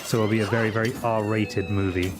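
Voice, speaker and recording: A man's voice: lowish voice, level tone, a little fast, over loud music. Ranting man streaming games. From Britain. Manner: crude, ranting comic asides. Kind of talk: casual live-stream chat.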